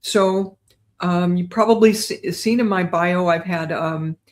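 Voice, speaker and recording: An older woman, a guest on an interview show, chatting in a lively way and often checking in with "right?". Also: on the low side, a little slow. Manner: chatty, animated, tags lines with "right?". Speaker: guest psychic medium. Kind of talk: casual storytelling interview.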